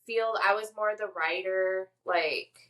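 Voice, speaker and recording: A young adult woman co-hosting a podcast in casual chat, with a deadpan, stern-sounding delivery. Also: mid-range voice, takes it slowly. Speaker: podcast co-host.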